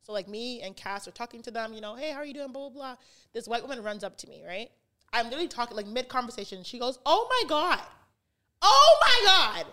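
Brief: young woman, slightly high voice, lively podcast storyteller who keeps saying "like". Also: quick pace. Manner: animated, heavy use of "like", acts out quotes. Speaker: podcast guest. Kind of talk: casual storytelling chat.

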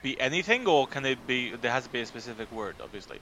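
Male player, bright, sharp tone, faint background hiss. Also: medium pitch, expressive, fast talker. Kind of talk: casual role-play chat.

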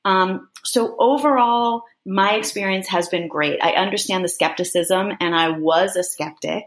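A woman's voice: mid-range voice, unhurried, roomy sound. A woman guest in a casual interview who talks enthusiastically and thinks aloud, often restarting her sentences.

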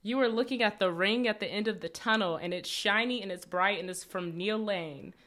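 A woman co-hosting a podcast in casual chat. She talks bluntly and swears freely, with animated commentary at a medium pitch. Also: a little fast. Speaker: podcast co-host.

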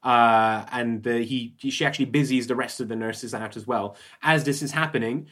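A man running a tabletop horror game as game master, relaxed and laughing easily between descriptions. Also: medium pitch, moderate pace.

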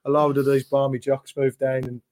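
Fast-talking Birmingham man. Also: medium pitch. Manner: relaxed storyteller, repeats words. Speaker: guest, former footballer. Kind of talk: casual interview chat.

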